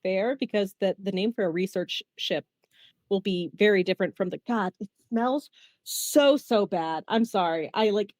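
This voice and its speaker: A woman chatting casually as a tabletop game player, excitable and quick to apologize for getting carried away. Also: mid-range voice, no echo, studio quality. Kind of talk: casual chat.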